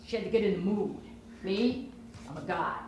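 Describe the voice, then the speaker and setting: Woman playing a cocky, boastful husband, low and smug, roomy stage with noise. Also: normal speed, darkish tone, lightly acted.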